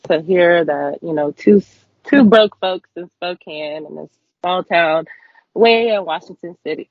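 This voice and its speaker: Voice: medium pitch, no room sound, highs cut off. A guest in a remote interview, talking in a heartfelt, rambling way with casual slang. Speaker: guest, mutual aid organizer.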